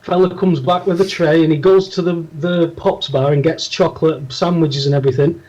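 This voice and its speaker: Male podcast co-host, high-pitched, chatty anecdote-teller, muffled recording. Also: fairly even intonation, a little fast, mellow. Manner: rambling anecdotes with restarts. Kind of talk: casual storytelling chat.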